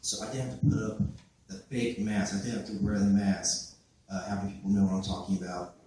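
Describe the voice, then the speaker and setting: A man's voice: sits low, level tone, brisk, dark tone. A teenage boy giving a personal testimony at church, hesitant, with many fillers and restarts, recorded by a camera from far off. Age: late teens. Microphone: far camera recorded by his father. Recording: echoey hall from far off.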